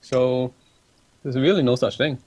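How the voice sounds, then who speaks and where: A polite, laid-back man talks his way through a livestream chat at a middling pitch. He answers questions casually, often hesitating with ums and restarting his sentences. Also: fairly even intonation, a little slow, a little mellow, husky. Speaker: livestream guest reading chat.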